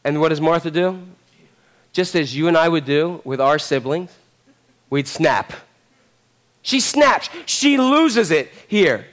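A man's voice: a little high, lively intonation, slow, long pauses, fairly bright tone. A man preaching a sermon, telling a story animatedly and acting out the characters. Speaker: pastor.

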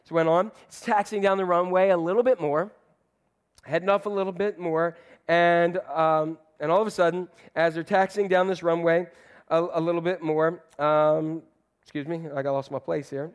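A man's voice: a little high, steady tone, moderate pace, smooth. A man preaching a sermon, telling a story in a loose, chatty way with fillers and restarts. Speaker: pastor.

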